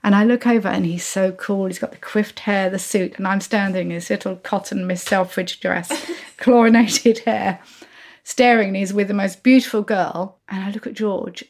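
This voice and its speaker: A woman in her sixties, a podcast guest telling lively anecdotes and acting out the voices of people in her stories. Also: medium pitch, creaky. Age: 60s. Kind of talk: anecdotal storytelling.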